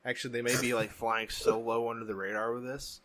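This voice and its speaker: A man's voice: mid-range voice, little pitch movement, a little fast, over a noisy crowd. A man co-hosting a podcast in casual chat, talking emphatically and ranting with strong opinions. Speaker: podcast co-host.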